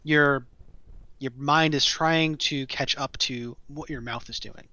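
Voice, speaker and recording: Bright-voiced man on a dull, lo-fi line. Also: medium pitch, steady tone, slow, no echo. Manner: chatty, with frequent short agreeing interjections. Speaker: co-host. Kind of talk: casual podcast chat about tabletop role-playing.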